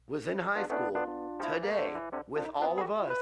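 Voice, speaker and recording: A man hosting a podcast in casual chat, teasing his co-host in a deadpan way. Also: on the high side, takes it slowly, gravelly, loud music behind the voice.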